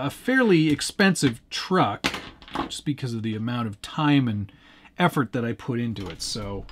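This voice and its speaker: A man's voice: mid-range voice, a little hiss or hum. A man hosting a casual live stream, rambling and chuckling as he answers chat while working with his hands at a desk. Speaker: livestream host.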